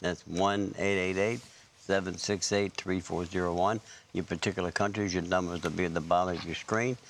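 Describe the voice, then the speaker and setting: A man announcing telethon call-in numbers, reading them formally and repeating them clearly. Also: deep voice, steady tone, moderate pace.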